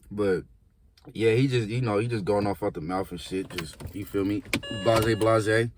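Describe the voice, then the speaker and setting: A man's voice: lowish voice, fairly quick, a little hiss or hum. A young man casually telling a story in heavy slang, acting out the voices of the people in it. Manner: animated slangy storytelling, acts out quotes.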